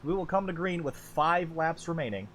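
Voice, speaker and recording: A man calling an online truck race as lead commentator, chatty and self-deprecating, jumping up in pitch when the action picks up. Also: lively intonation, moderate pace, a bit bright, a little hiss or hum. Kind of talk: sim racing play-by-play commentary.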